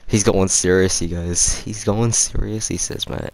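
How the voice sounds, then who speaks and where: A man with a deep, low voice narrates his shooter gameplay live. He chats casually to his viewers and bursts into exclamations whenever he gets a kill or gets taken out. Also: steady tone, moderate pace, creaky, a little mellow. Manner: reactive, chatty, exclaims at kills and deaths. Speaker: gaming YouTuber.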